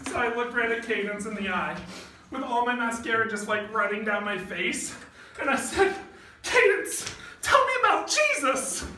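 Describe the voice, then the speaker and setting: A man's voice: high-pitched, normal speed, bright, forceful tone. A man playing a bubbly, ditzy teenage girl who gushes in valley-girl chatter full of "like". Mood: dramatic. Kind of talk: comedy skit acting. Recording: echoey room, far from mic, faint noise.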